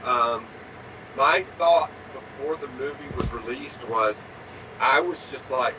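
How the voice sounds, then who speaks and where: A man's voice: mid-range voice, slow. An American man in a casual panel chat, talking emphatically and swearing when he gets riled up. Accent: American English. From United States. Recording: distant mic with noise.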